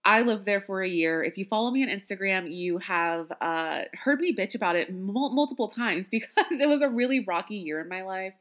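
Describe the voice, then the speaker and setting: A woman's voice: medium pitch, animated, fairly quick, few pauses, a bit bright. A woman hosting a podcast in casual chat, talking freely with self-deprecating asides and frequent laughs. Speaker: podcast host.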